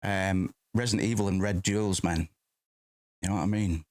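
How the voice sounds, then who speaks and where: A man's voice: low voice, fairly even intonation, normal speed, darkish tone, dry recording, studio quality. A man hosting a gaming stream, chatting casually and rambling with offhand swearing while he plays. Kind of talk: casual let's-play commentary.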